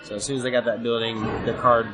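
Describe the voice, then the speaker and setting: A guest wrestler fires off a wild story at a quick pace, his mid-range voice flat in delivery, cursing casually and laughing often. Behind him are music and the chatter of a noisy convention crowd.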